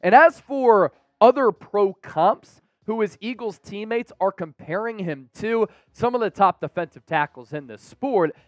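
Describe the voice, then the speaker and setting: A man hosting a football analysis show, talking with energetic hype straight to the fans. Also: high-pitched, dry recording, dull audio. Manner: energetic and hyped, addresses the fans directly. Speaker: sports show host.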